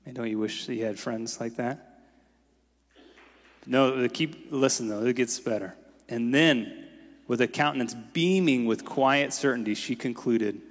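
In a church sanctuary, a male pastor gives a relaxed, conversational sermon, dropping "like" frequently. His mid-range voice moves at a measured pace, and the large hall adds a long reverb.

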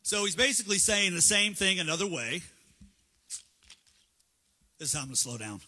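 Male preacher, high bright husky voice, chatty sermon, reverberant hall. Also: expressive, moderate pace. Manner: casual, conversational, acts out dialogue. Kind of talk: sermon with slides.

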